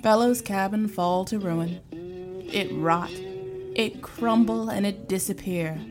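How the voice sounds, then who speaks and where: A woman telling a spooky folk tale in a hushed voice with dramatic pauses. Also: medium pitch. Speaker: storyteller.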